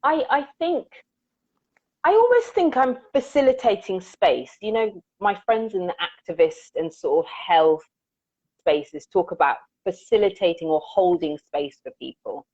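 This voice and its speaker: A woman's voice: medium pitch, lively intonation, measured pace, darkish tone, slightly rough, dry recording. A woman musician being interviewed, talking earnestly and reflectively about her work and telling stories. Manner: reflective, earnest, acts out quoted lines. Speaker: musician guest. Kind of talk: conversational interview storytelling. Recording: dull, dry lo-fi audio.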